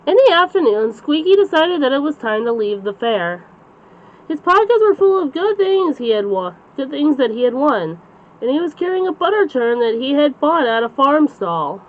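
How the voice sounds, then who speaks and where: Woman storyteller, high pitch, gentle bedtime read-aloud, dull lo-fi recording. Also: big pitch swings, moderate pace.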